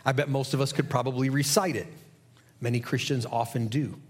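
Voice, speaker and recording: A man's voice: mid-range voice, fairly even intonation, brisk, breathy edge. A middle-aged man preaching a sermon as a pastor, earnest and conversational, asking the listeners questions.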